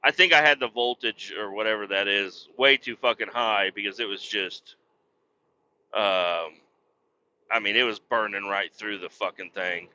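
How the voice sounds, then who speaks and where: A man's voice: lowish voice, normal speed, sharp tone, highs cut off, slight background noise. A middle-aged man hosting a podcast, rambling casually, swearing a lot and laughing at himself. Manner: profane, self-deprecating, laughs often. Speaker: podcast host.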